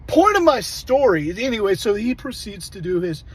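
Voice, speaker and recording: A man telling a story in a casual, blunt rant, swearing constantly and growing animated as he talks. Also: sits high, normal speed, slightly rough, rough recording. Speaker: vlogger.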